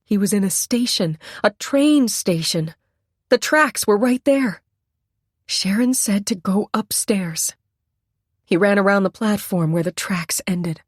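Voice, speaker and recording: A woman narrating a suspense thriller in a tense, dramatic reading at a mid pitch. The sound is dry and close, with no room around it. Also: dry recording. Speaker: audiobook narrator.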